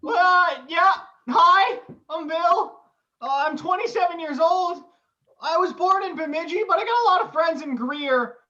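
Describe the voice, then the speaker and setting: A woman's voice: very high-pitched, lively intonation, unhurried, sharp tone, lo-fi sound, heavily acted. A woman playing a stammering oddball young job applicant. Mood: flustered. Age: young adult. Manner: stammering, flustered, rambling. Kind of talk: amateur stage comedy.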